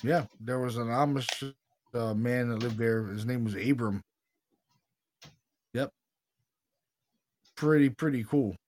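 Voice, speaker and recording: Excitable slangy man telling a story. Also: medium pitch, takes it slowly, pauses often, no room sound. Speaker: paranormal investigator, podcast co-host. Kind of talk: casual storytelling chat.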